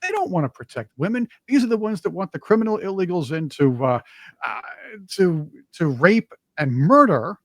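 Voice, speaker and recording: A man's voice: sits high, big pitch swings, normal speed, fairly bright tone, no room sound. A man co-hosting a political talk show, speaking in an emphatic, mocking way and often repeating his words. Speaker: co-host. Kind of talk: casual political chat.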